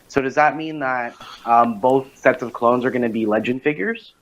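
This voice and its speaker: A man co-hosting a podcast in casual chat, playful and asking halting questions. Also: mid-range voice. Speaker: podcast co-host. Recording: dull lo-fi mic with faint noise.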